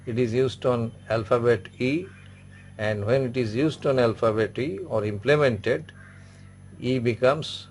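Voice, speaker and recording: A man's voice: medium pitch, darkish tone, slight background noise. A man teaching an online French class, patiently repeating each word and example several times. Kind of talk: online language lesson.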